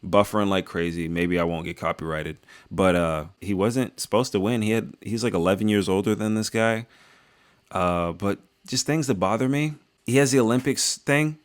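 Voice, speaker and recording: A man's voice: fairly low pitch, moderate pace, clear, resonant tone. A young man talking through fight reactions in a rambling, joking, slangy way. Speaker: video creator reviewing fights. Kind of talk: casual reaction commentary.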